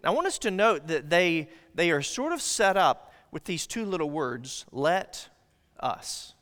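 Male pastor, sermon delivery, earnest with emphatic build-ups; bright, high-ish voice; long church-hall reverb. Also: very animated, a little slow. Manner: earnest preaching, rising emphatic on key lines. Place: church sanctuary.

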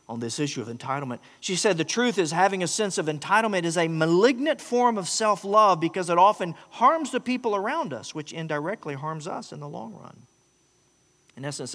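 A man's voice: a little high, a bit bright. A man preaching a sermon, telling stories and rising into emphatic quoted lines. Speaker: pastor. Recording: long hall reverb.

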